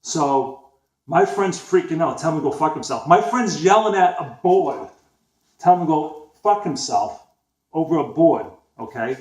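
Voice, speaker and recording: A man's voice: a little high, lively intonation, normal speed, darkish tone. A man in his forties with a Boston accent, telling a story in a rambling, casual way, full of fillers, restarts and swearing. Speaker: vlogger. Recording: echoey room.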